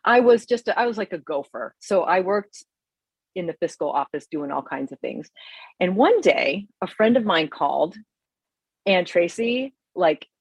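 Husky, lively woman podcast host. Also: on the low side, unhurried, dry recording. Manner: chatty, storytelling. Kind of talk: casual chat.

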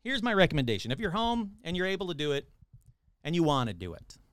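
A man's voice: a little high, very animated, fast, fairly bright tone, dry recording. A male podcast host reading odd news aloud with sarcastic, irreverent asides. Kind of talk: casual podcast commentary.

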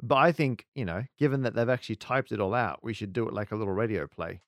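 A man's voice: on the low side, quick pace, no room sound, studio quality. A man co-hosting a podcast in casual chat, giggly and self-mocking. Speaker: podcast co-host.

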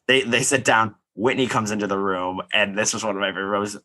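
Bright-voiced chatty man. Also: on the low side, fairly even intonation, fast talker, low-quality recording. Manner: chatty, acts out scenes with lots of "like". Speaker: podcast co-host. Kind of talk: casual recap chat.

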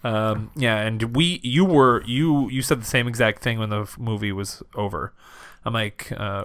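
A man in his thirties co-hosting a comedy podcast, reviewing a movie in casual, swearing banter that jumps into excited high bits. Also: normal speed, no echo. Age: 30s. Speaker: podcast co-host.

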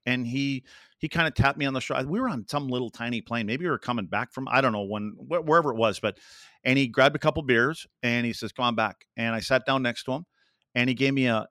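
A man's voice: medium pitch, a bit bright, no echo. An older man sits as a podcast guest and tells rambling stories, slipping into the voices of the people he quotes. The sound is close and dry, with no room around him. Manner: rambling anecdotes with acted-out quotes. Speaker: podcast guest, former hockey player. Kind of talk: casual storytelling.

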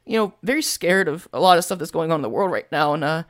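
A man's voice: a little high, lively intonation, fast, a bit bright, voice pushed up. A man voicing a frightened sixteen-year-old boy adventurer in a tabletop game, speaking timidly. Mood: scared.

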